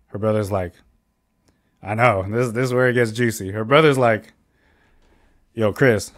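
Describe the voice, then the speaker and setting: A young adult man, a podcast co-host, telling a personal story in casual chat, heated and profane, loudly acting out his own lines as he goes. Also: lowish voice, normal speed.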